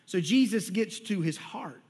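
A man preaching a sermon as a pastor, conversational, with frequent repeated words and slow, emphatic phrases. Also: high-pitched, animated, darkish tone, slightly rough. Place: church sanctuary. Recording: long reverb of a church hall.

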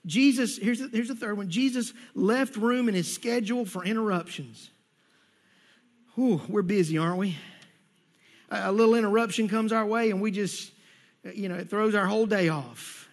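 In a church sanctuary, a male pastor with a high voice gives a conversational sermon to his congregation at normal speed, often repeating words as he goes.

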